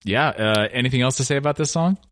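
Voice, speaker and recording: A man's voice: mid-range voice, quick pace, a bit bright, no echo. A man co-hosting a casual, comedic music chat, joking and laughing often. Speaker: podcast co-host.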